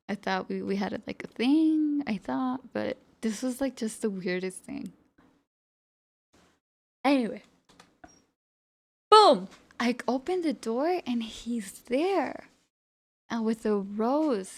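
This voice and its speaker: A young woman tells her chat a personal story in a lively, chatty way, often laughing and checking in with "you know?" Her voice sits a little high and has a gravelly edge. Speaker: streamer. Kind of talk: storytime chat with stream viewers.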